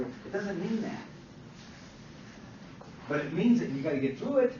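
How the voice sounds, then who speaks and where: A man lectures to a classroom in a fairly high voice, repeating himself for emphasis and checking in with his students. He is heard from a distance in an echoey room, and the recording is dull and a little hissy. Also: lively intonation, normal speed, pauses often. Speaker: instructor.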